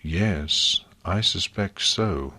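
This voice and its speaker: A man's voice: low voice, very slow, sharp tone, husky, no room sound, full character voice. A man reading an audiobook, voicing a stern, bitter pony princess of the night who speaks harshly and curtly. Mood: grim.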